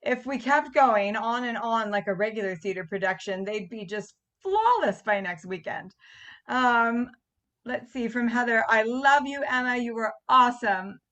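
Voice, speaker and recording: Middle-aged lady on a zoom call, kinda high voice, chatty, reading out comments. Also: animated, normal speed, fairly bright tone, muffled recording. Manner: chatty, reads out audience comments. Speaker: theatre director hosting a cast Q&A. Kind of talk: casual chat on a video call. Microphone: video call.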